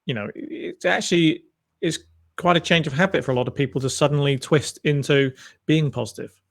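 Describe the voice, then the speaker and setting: A man's voice: fairly high pitch, a little fast, vocal fry. A man interviewing a guest, asking and musing in a thoughtful, hedging way. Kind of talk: conversational interview.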